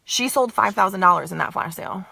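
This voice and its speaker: A woman's voice: medium pitch, quick pace, gravelly, sharp tone, slightly rough, dry recording. A young woman giving a motivational talk to her viewers, emphatic and repetitive, often asking "okay, you guys?". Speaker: direct sales team leader.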